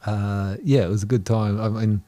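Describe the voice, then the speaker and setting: A man's voice: lowish voice, fairly even intonation, moderate pace, dark tone, no echo. A man with a New Zealand accent, a guest telling a rambling travel story in casual chat, laughing between phrases.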